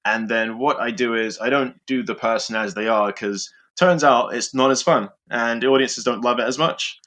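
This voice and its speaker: A man talks through how he builds comedy characters. He speaks at a middle pitch and stops often with fillers as he thinks. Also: a bit bright. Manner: thoughtful, halting with fillers. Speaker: improviser. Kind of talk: interview answers.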